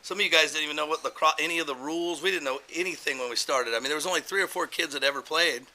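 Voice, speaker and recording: A man's voice: a little high, very fast, sharp tone, low-quality recording. A man speaking as an assistant coach at a banquet, praising the players and repeating words in his enthusiasm. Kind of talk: banquet speech.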